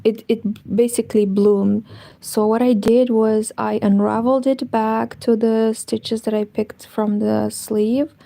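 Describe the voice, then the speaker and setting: Woman hosting a relaxed knitting stream, unhurried and gravelly, talking softly to viewers. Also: a little high, no room sound, rough recording. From Moldova. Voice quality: soft, partly whispered. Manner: chatty, greets viewers while knitting. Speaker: knitting channel host. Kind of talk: casual livestream chat. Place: home, indoors.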